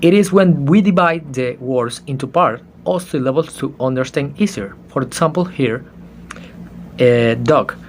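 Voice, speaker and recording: A young man whose first language is Spanish, giving a halting class presentation, stopping to spell out letters and correct himself. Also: mid-range voice, a little hiss or hum. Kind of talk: slow explanatory class presentation.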